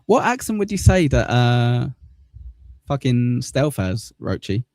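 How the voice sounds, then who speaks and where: A man's voice: mid-range voice, big pitch swings, slow pace, darkish tone, no echo. A man from the south of England with a Manchester accent, hosting a casual live stream, joking and swearing at his own bad luck. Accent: Mancunian. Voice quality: swears often, laughs at himself. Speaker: stream host.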